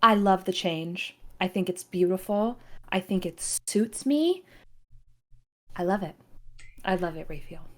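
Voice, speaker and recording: A woman's voice: lowish voice, lively intonation, a little slow, long pauses, a bit bright. A cheerful, self-assured young elf noblewoman, played by a woman. She sounds confident and pleased with herself in a tabletop role-play.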